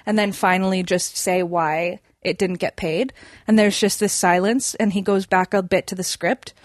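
A young woman chats her way through a story, looping back with fillers and restarts as she goes. Her voice is of middle pitch, recorded close and dry with no room sound. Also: fairly even intonation, normal speed, no room sound. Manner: chatty, many fillers and restarts. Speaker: podcast guest. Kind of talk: casual storytelling.

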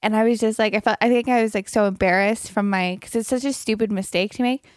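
A woman's voice: medium pitch, fairly even intonation, fast, no echo, studio quality. A young woman co-hosting a casual chat show, telling a rambling, self-mocking story and laughing often. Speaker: podcast co-host.

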